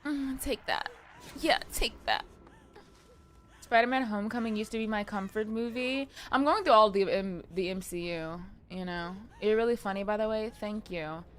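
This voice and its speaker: A woman's voice: medium pitch, fairly quick, few pauses. Chatty young woman game streamer. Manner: excitable, chatty, swears, answers chat. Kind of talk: casual live-stream chat while gaming.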